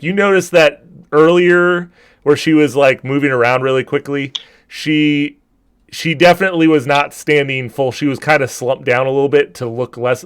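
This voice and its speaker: A man's voice: fairly high pitch, clear, resonant tone. A man narrating as game master of a tabletop role-playing game, describing scenes in a loose, rambling way with many restarts.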